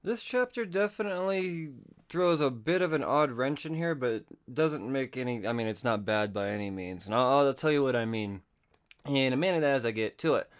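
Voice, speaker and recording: A man's voice: medium pitch, smooth. A young man hosting a podcast, casually recapping a comic book, swearing freely and laughing at his own stumbles. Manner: loose, profane, laughs at himself. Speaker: podcast host. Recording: slightly dull lo-fi podcast audio.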